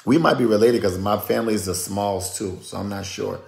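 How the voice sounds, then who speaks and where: Gravelly low-voiced minister. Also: male voice, brisk. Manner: chatty and lively, calling out names and places. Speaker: prophetic minister. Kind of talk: casual live-stream chat greeting viewers.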